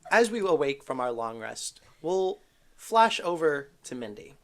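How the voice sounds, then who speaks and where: A man's voice: on the high side, very animated, measured pace. A man as game master, narrating a tabletop game with dramatic storytelling.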